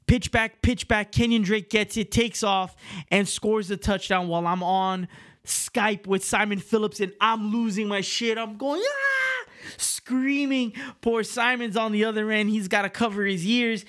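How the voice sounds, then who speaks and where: A Miami, Florida man with a high, fairly bright voice hosts his podcast solo, ranting in a hyped, emotional monologue and swearing freely. He's on a video call mic, with hip hop music playing behind him.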